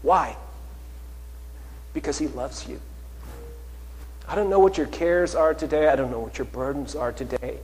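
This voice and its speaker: A man preaching a sermon as pastor, conversational, asking his congregation rhetorical questions and moving between louder and softer passages. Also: on the high side, normal speed, pauses often. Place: church sanctuary. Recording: long reverb of a large hall.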